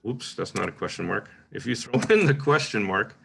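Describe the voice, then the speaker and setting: A man with a fairly low voice and a bright, sharp edge over a rough, gravelly texture. He hosts a poetry workshop and talks through a point on craft in an easy, informal lecture, often tossing in "right?" and trying a sample line aloud several ways. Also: normal speed. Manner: relaxed, thinking aloud with frequent "uh" and "right?".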